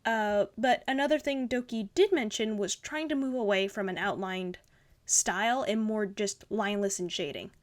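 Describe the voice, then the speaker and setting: A woman's voice: mid-range voice, moderate pace. A young woman hosting a casual art review, gushing and rambling with lots of fillers. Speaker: art channel host. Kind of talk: casual art critique commentary.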